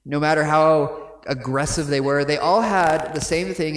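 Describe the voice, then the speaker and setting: A man's voice: fairly high pitch, moderate pace. Man preaching in an echoey church. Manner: conversational, frequent "right?" asides. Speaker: pastor. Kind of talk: sermon. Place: church sanctuary.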